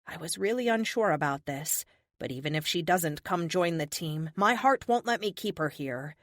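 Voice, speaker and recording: A woman narrating a first-person audiobook in an expressive, animated way. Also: fairly low pitch, normal speed, no room sound, studio quality.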